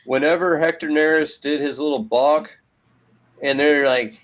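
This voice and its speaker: A man's voice: a little high, measured pace, vocal fry, a bit bright. Man ranting hotly about baseball. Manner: profane, ranting, sarcastic. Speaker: podcast co-host. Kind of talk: heated sports talk.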